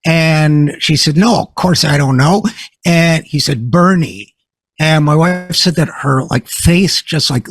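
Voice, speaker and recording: A man hosting a political interview, telling a story in a conversational, animated way. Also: fairly high pitch, breathy edge, dry recording. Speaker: host.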